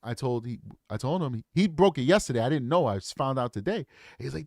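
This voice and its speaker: A man's voice: a little high, big pitch swings, quick pace, darkish tone, dry recording, clean studio sound. Plain-spoken man in his forties. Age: 40s. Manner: opinionated, talks straight to the audience. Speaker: true crime commentator. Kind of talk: casual commentary to viewers.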